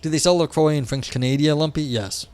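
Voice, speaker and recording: Faint music plays behind this livestream host, a man from the U.S. south of New England whose voice is on the high side, brisk, clean, and darkish. He chats with viewers, answers the chat, and reads philosophy aloud, filling his speech with fillers.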